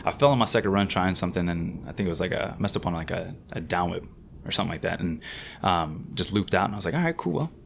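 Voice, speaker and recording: Brief: deep-voiced guy, rapid casual storyteller, slangy and animated, podcast guest. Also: gravelly, slight background noise. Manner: animated, slangy anecdote-telling; fast-talking. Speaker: guest BMX rider.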